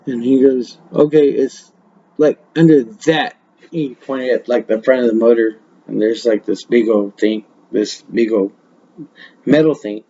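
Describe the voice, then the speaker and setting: A man's voice: medium pitch, fairly even intonation, a little slow, warm tone, slightly rough, muffled recording. A man hosting a casual podcast, telling rambling stories full of swearing and laughter. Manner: profane, laughing, rambling storyteller. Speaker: podcast host. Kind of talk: casual storytelling. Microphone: webcam mic.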